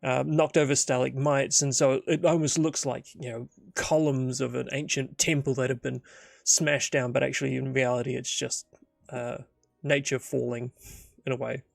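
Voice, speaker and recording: Gravelly man narrating a solo tabletop game. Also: mid-range voice, flat delivery, normal speed, no room sound, clean studio sound, faint music behind. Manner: rambling, thinking aloud with many fillers.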